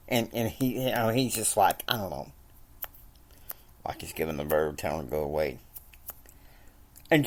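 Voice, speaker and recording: A woman's voice: rumbling low, expressive, normal speed, long pauses. A woman casually retelling a story, hesitant, repeating words and adding asides.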